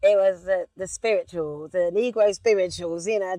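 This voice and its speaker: A middle-aged woman with a London accent, chatting as an interview guest inside a car, telling lively stories and breaking into snatches of song. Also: medium pitch, normal speed, dry recording. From England. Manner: animated storyteller, sings snippets. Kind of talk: relaxed casual chat.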